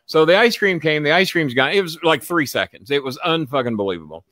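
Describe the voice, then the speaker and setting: A man's voice: on the high side, lively intonation, a little fast, a bit bright, no echo. A man hosting a casual chat show, telling a long story in a rambling, profane way with lots of repeats. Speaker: show host.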